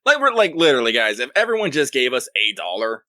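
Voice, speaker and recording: A man with a mid-pitched, bright, animated voice chats quickly and jokes with his co-host. The sound is close and dry. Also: no room sound. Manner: laid-back, joking, reads listener mail. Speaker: podcast co-host. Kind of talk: casual gaming podcast chat.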